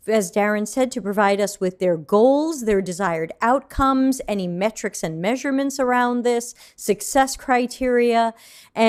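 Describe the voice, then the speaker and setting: On a video call, a woman hosts a casual online Q&A panel, lively and joking as she hands questions to her panelists. Her medium-pitched voice is smooth.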